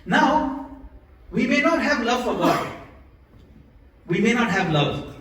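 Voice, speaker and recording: A man delivers a temple sermon in a high voice, questioning his listeners and demonstrating chants. He sounds distant from the microphone, and the hall around him is heavily reverberant. A faint hiss of room noise lies underneath. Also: lively intonation, slow pace, fairly bright tone. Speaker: temple lecturer. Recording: echoey hall, recorded from afar.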